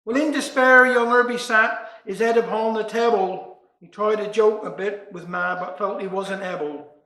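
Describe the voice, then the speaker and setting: Bright-voiced Cornish storyteller. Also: male voice, sits high, steady tone, moderate pace. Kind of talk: comic storytelling and dialect verse. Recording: echoey room.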